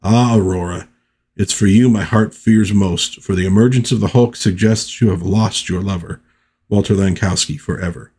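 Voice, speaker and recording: Man doing a brave, earnest small fighter; declamatory, low-ish. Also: normal speed, a little mellow, husky.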